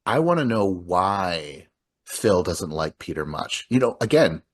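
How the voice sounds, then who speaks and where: A man with a lowish voice and a husky, slightly breathy edge, chatting loosely about a film. He rambles and stacks filler words as he walks through scene after scene. The delivery is unscripted and conversational. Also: sing-song, measured pace. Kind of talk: casual film discussion.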